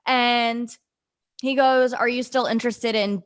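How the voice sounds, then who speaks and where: A young woman spins a story on a podcast with lively energy, acting out every quoted line and filling the gaps with casual fillers. Her delivery is loose and chatty. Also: fairly high pitch, a little slow, clean tone. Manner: animated, acts out quoted dialogue with fillers. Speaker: podcast guest, former in-game host.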